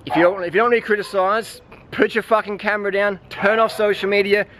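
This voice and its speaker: Guy with a high voice ranting outside, swearing nonstop, preachy and blunt. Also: little pitch movement, fast, a bit bright, a little hiss or hum. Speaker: vlogger. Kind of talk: ranting vlog monologue.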